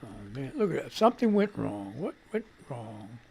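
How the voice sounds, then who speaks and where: A man's voice: mid-range voice, very animated, normal speed, gravelly, warm tone, husky. A man hosting a live radio show, muttering and swearing in frustration while fixing his stream setup. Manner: swears casually. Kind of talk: casual live-stream commentary.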